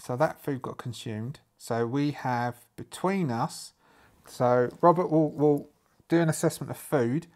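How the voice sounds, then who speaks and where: A man's voice: mid-range voice, unhurried, a little mellow. Man from Ireland, casual solo-game narrator, rambling and thinking aloud, many fillers.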